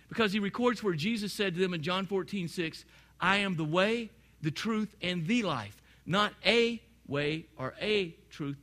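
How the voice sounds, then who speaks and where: A man preaching a sermon, talking straight to his congregation and swinging from quiet, low asides to loud, emphatic points. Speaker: pastor.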